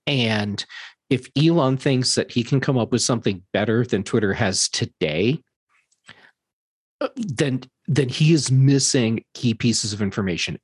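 A man co-hosting a casual panel discussion, giving measured, thoughtful analysis with some restarts. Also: medium pitch, slightly rough, no echo.

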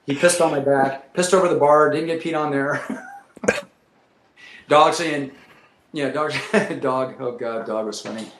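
A man telling stories in casual talk, animated and acting them out with sound effects. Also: mid-range voice, unhurried, long pauses, echoey room, noisy background. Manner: animated, acts out his story with sound effects and laughs. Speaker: guest pilot telling stories. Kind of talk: casual storytelling.

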